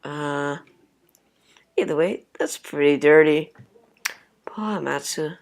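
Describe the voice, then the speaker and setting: A woman's voice: sits low, slow pace. A woman playing a story game, reading its text aloud and adding casual reactions and swearing. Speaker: let's play gamer.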